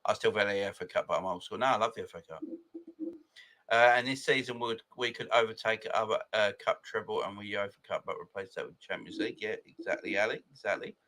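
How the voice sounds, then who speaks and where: A man's voice: on the low side, fast talker, sharp tone. A man, hosting a casual live fan chat, greeting viewers by name and laughing often. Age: 40s. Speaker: football fan channel host.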